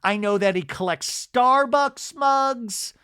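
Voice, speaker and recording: Man putting on a smug reality-show woman, haughty, cutting, pitched up. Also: slow, bright, forceful tone, clean tone, no room sound, studio quality, heavily acted.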